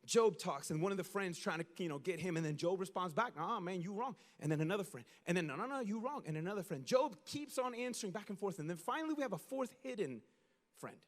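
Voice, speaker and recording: Preaching at a quick pace in a high voice, a male pastor delivers an animated, conversational sermon packed with casual slang and acted-out asides. A long reverb tail trails his words.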